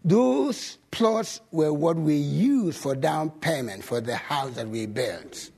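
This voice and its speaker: A male pastor telling stories in a sermon, animated and swinging from loud bursts to low asides. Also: slow pace, vocal fry, breathy edge. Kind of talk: sermon storytelling.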